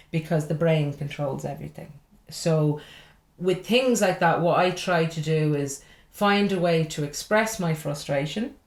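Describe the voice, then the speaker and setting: A woman with an Irish accent, a comedian guest chatting casually, blunt and full of swearing and laughing asides. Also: sits low. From Ireland. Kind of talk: casual chat. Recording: roomy echo.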